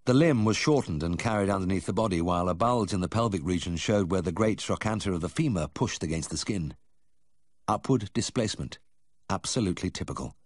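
A man reads a first-person memoir in a measured, expressive storytelling manner. His low voice moves through a lively range of pitch. It is recorded close on a studio mic and sounds dry. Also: dry recording. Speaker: audiobook narrator. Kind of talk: scripted first-person narration.

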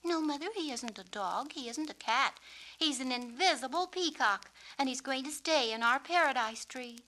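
An excited little girl pipes up in a high, bright storybook voice, bubbly and full of pleading eagerness, as a woman reading the tale puts her on. She sounds imaginative and quick to plead. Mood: eager.

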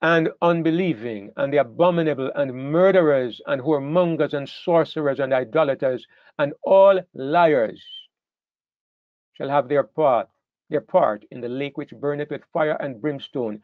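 A male preacher delivering a sermon in an emphatic, repetitive manner, his voice sitting a little high for a man. The sound is dry and close, with a somewhat dull, muffled tone. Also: normal speed, no echo. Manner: emphatic, repeats words and restarts phrases.

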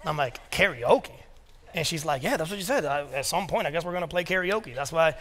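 Pastor, thirties, male, high voice, chatty anecdotal sermon style, church hall reverb. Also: animated, quick pace, fairly bright tone. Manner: storytelling with casual asides and quoted dialogue. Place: church sanctuary.

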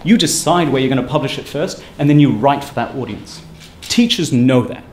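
A man giving a university seminar talk, brisk and emphatic in a conversational lecturing manner. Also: mid-range voice, animated. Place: lecture room. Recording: echoey room with faint ambient noise.

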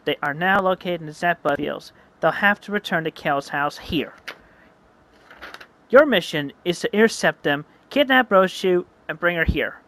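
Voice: mid-range voice, animated, moderate pace, a bit bright. Narrator doing a scheming villain boss. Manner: plotting, commanding.

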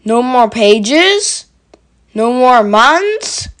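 A small, nervous piglet , voiced by a woman, frets in a slightly high voice, drawing his words out slowly. It is a gentle storybook reading. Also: sing-song, heavily acted. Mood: worried. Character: small timid male piglet, easily upset.

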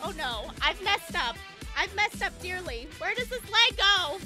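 A woman's voice: very high-pitched, big pitch swings, unhurried, over music. A young woman streaming casually, chatty and giggly as she talks to her chat, a little out of breath. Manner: giggly and chatty, talking to chat while changing onesies.

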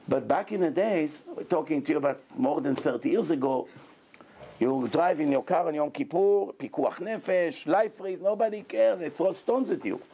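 Man, rabbi, sermon, fairly high pitched, animated delivery. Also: normal speed, a little hiss or hum. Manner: animated preaching with acted-out quotes.

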